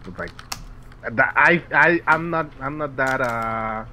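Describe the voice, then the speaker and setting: A man co-casting a match in casual chat, halting and trailing off, stumbling over his words. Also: medium pitch, sharp tone, slight background noise. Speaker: esports co-caster. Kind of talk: casual chat between game commentary.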